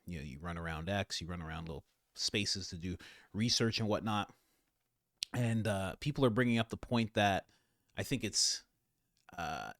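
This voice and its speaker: A man hosting a casual political commentary, rambling and animated, with frequent fillers. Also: fairly low pitch, dry recording, studio quality.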